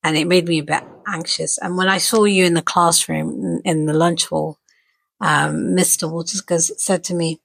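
A woman with a husky, slightly breathy voice chats on a podcast, recounting events with lively, animated storytelling. The sound is dry and close, with no room around it. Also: lowish voice, moderate pace, no echo. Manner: animated storyteller, acts out quoted dialogue. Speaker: podcast co-host and mother. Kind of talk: casual chat.

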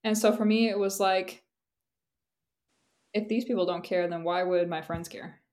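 A woman's voice: lowish voice, steady tone, moderate pace, a little mellow. A young woman co-hosting a podcast in casual chat, candid and rambling, laughing often and filling her talk with "like". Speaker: podcast co-host.

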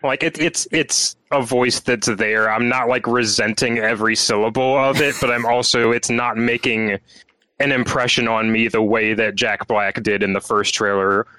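Bright-voiced male podcast co-host. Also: medium pitch, fairly even intonation, no echo, rough recording. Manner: measured, analytical, many fillers. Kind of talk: casual chat.

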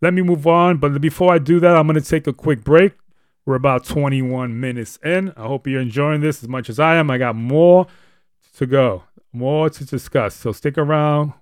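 A man's voice: on the high side, moderate pace, smooth, no room sound, clean studio sound. A man hosting a live show, teaching on the Bible in an earnest, emphatic, repetitive way. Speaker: host.

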